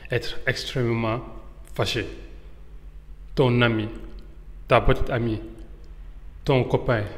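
A man teaching slang in a casual lesson, switching between French and English and acting out example phrases with drawn-out words. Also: fairly low pitch, slight background noise. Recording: echoey room with long reverb.

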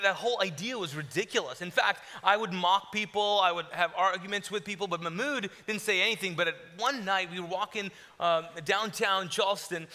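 A middle-aged man from Kuwait telling his story to a live audience, joking and acting out his own past words. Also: high-pitched. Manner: animated, joking storyteller who acts out his past self. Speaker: guest speaker telling his testimony.

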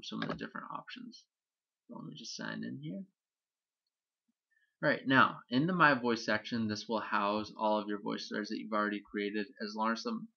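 A man, a teacher, walks through a software tutorial on screen in a relaxed explanatory way, with frequent ums. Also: fairly low pitch, creaky, muffled recording.

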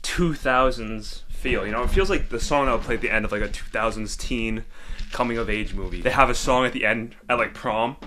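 Bright-voiced young man reacting to music. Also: medium pitch, fairly quick, slight background noise. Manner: excitable, slangy, breaks into laughs and sing-along. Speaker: music reaction video host. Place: bathroom.

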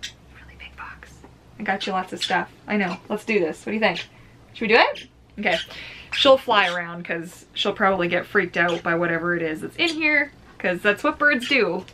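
A woman's voice: medium pitch, lively intonation, brisk, sharp tone, slight background noise. A woman hosting a casual pet-bird unboxing vlog, chatty and giggly, with many fillers. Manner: chatty, giggly, talks baby talk to her bird. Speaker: vlogger.

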